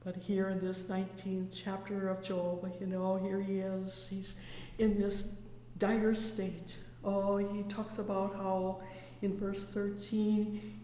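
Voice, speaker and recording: Woman preacher, flat measured delivery, slow pace, fervent asides, roomy hall with faint noise. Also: mid-range voice. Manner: fervent, many "oh, yes" interjections; reads scripture slowly and solemnly. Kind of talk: sermon with scripture reading.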